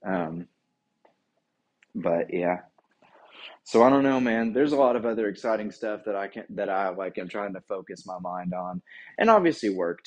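Husky, rambling laid-back man. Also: low voice, a little mellow, highs cut off. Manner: rambling, laid-back, swears and says "dude" often. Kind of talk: casual solo chat.

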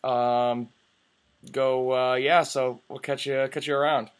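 A young man co-hosting a podcast in casual chat, excitable, swearing a lot and restarting his sentences. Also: medium pitch, slow, clear, resonant tone. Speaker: podcast co-host. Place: apartment room.

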